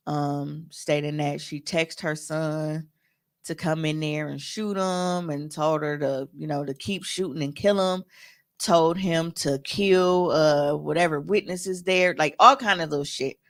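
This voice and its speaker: A woman co-hosting a podcast in casual chat, talking bluntly and heatedly and swearing freely. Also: low-pitched. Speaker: podcast co-host.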